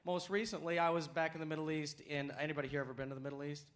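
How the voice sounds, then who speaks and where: A man's voice: fairly high pitch, level tone, very fast. A man doing a stand-up set, chatty and talking straight to the audience. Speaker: stand-up comedian.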